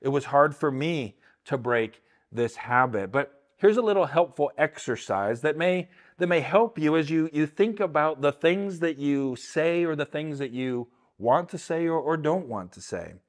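A man's voice: on the high side, expressive, a little slow. An older man giving a casual, earnest Bible teaching, often repeating words and asking "right?" along the way. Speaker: Christian teacher.

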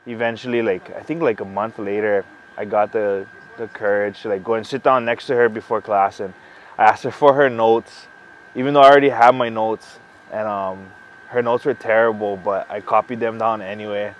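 Young guy, a touch low-voiced, recounting his love story with soft hesitations; faint room tone behind. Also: steady tone, lo-fi sound, a little hiss or hum. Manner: halting, many "like" fillers, sincere. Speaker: groom-to-be interviewed for an engagement video. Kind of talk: casual storytelling interview.

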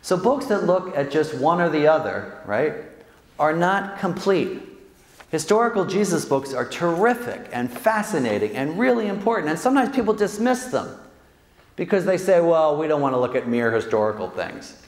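A man, a Jesuit priest, giving an animated, joking talk to an audience, acting out quotes and often tagging lines with "right?". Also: on the high side, normal speed. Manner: animated, jokey, acts out quotes, frequent "right?" tags. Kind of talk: lively faith talk to an audience. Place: large hall with audience. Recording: echoey hall with long reverb.

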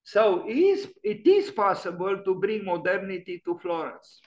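A man's voice: high-pitched, very animated, moderate pace, highs cut off. A man giving an online lecture on architecture, musing and emphatic, often restarting his sentences. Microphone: video call.

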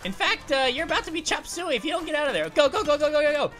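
A woman voicing a bubbly young female grape who hosts animated let's-play commentary, giggling, making puns and yelping at danger, over faint music. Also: high voice, fast. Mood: excitable. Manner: giggly, punny, yelps at danger. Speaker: host of gaming videos.

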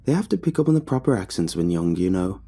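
A man's voice: low voice, big pitch swings, quick pace, vocal fry, warm tone, slightly rough, soft background music, pitched below the performer's own voice, heavily acted. A man voicing a refined, curious middle-aged society lady in an airy, genteel manner.

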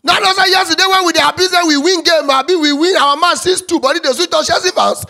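A man speaking Nigerian Pidgin English, ranting as a football fan in a sing-song, excitable way that swings from loud to muttering. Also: very high voice, quick pace, creaky. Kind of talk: animated sports rant.

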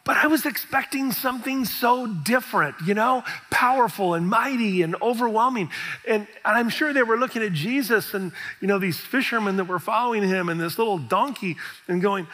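A middle-aged man preaching a sermon as pastor, telling stories with animated, acted-out quoted reactions. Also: high voice, moderate pace. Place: large church hall. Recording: reverberant church hall.

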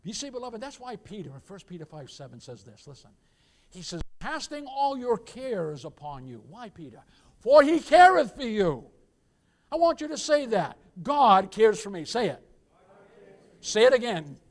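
A pastor preaching a church sermon, emphatic, firing rhetorical questions, calling for amens and addressing the congregation as beloved. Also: male voice, sits high, sing-song, normal speed. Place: church service.

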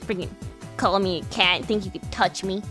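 A woman streamer chatting live, crude and playful, quick to fake outrage. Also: medium pitch, sharp tone, faint music behind.

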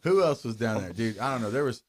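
A man's voice: medium pitch, expressive, quick pace, slight background noise. A man co-hosting a casual show, telling a story with lots of swearing and laughter. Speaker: podcast co-host. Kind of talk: rowdy casual chat.

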